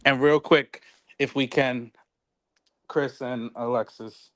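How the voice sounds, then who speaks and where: A man's voice: mid-range voice, fairly even intonation, slow pace. A man co-hosting a podcast, chatting casually about a reality show, rambling and searching for words with many fillers. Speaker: podcast co-host.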